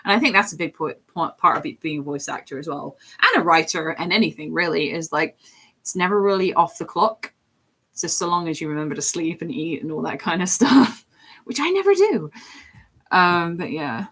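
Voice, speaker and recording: A woman's voice: on the low side, a bit bright. A woman chatting in a rambling, casual way from her home office while drawing on a livestream, with lots of fillers. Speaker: streamer and hobby artist.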